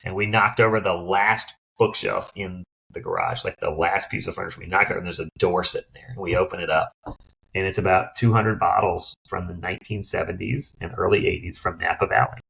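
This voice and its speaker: A middle-aged man speaks as an interview guest in a low, gravelly voice with a husky edge. He tells animated stories and acts out the voices of the people in them. The recording sounds slightly dull and lo-fi. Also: brisk. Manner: animated storyteller who acts out others' voices. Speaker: guest, downsizing expert. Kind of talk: interview storytelling.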